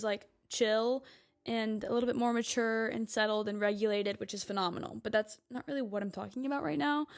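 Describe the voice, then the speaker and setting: Woman, twenties, podcast host, casual monologue, chatty, filler-heavy, slightly high-pitched. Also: creaky. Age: 20s. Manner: chatty, lots of "like" fillers, emphatic.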